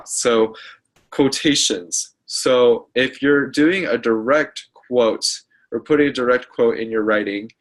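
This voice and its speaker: A young man presents a grammar lesson over his slides. His voice sits a little low, and he talks haltingly, with frequent fillers and self-corrections. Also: a bit bright. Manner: halting, many fillers and restarts. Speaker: student presenter.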